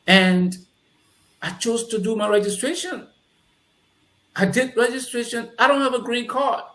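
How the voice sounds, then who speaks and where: In an echoey, roomy room, a man with a Liberian English accent shares his life story as a conversation guest. His voice is very high-pitched and unhurried, and he animatedly acts out the dialogue he recalls.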